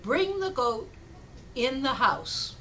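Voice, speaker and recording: A woman voicing a wise old village rabbi who gives advice in a calm, deliberate way. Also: on the high side, slight background noise.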